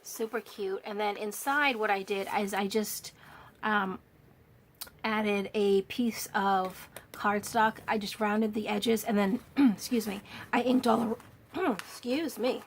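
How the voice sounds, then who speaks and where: A woman's voice: mid-range voice, fairly even intonation, slow pace, slight background noise. Gushing woman showing off a handmade journal. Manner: gushing, admiring, with fillers and restarts. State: slightly losing her voice. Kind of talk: casual show-and-tell walkthrough.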